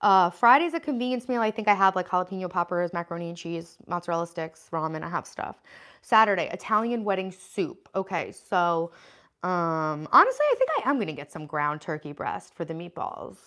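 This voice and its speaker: A woman's voice: fairly low pitch, very animated, brisk, fairly bright tone. Chatty woman in her thirties livestreaming. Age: 30s. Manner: chatty, scattered, frequent "um" and "like" while listing groceries. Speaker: livestream host. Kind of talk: casual livestream chat, reading viewer comments.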